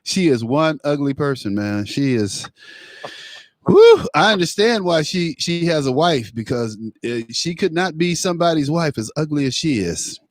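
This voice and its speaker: A man's voice: medium pitch, animated, normal speed, few pauses, no echo. A man hosting a call-in talk radio show, blunt and mocking, often stumbling and repeating words.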